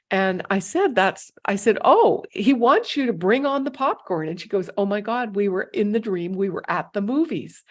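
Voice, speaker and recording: A middle-aged woman talks straight to camera, telling stories from her sessions with clients. Her voice sits at a middle pitch, and her delivery is animated and emotional, with frequent stops and restarts. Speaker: psychic medium sharing client stories. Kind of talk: casual storytelling to camera.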